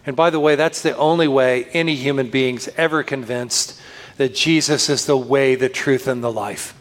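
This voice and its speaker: A man pastor preaching a sermon, earnest and slowing down to lift his voice for scripture, recorded in a church. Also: medium pitch, fairly even intonation. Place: church sanctuary. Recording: long reverb of a church hall.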